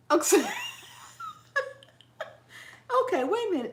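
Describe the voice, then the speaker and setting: Casual live-chat host, woman, slow drawl, lively pitch, laughs at herself a lot. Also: reverberant. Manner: laughs often at herself, chatty and playful; trips over words and repeats them. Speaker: cooking channel host.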